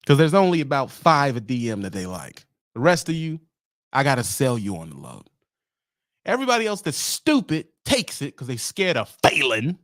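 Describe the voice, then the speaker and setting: A man's voice: mid-range voice, wildly swooping pitch, normal speed, fairly bright tone. A man voicing a smug, lazy male office dispatcher who talks down to drivers. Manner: condescending, self-satisfied.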